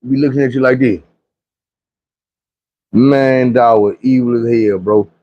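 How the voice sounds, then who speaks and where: A man's voice: medium pitch, unhurried, dull audio. A man from Arkansas telling a casual, profane childhood story, acting out the other people's voices as he goes. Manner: animated, acts out quoted voices, profane slang.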